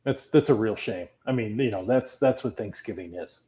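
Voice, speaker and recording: A man's voice: lowish voice, moderate pace, mellow, dull audio. A man co-hosting a casual podcast, reading listener comments and chatting in a friendly, laughing way. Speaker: podcast co-host. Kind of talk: casual chat.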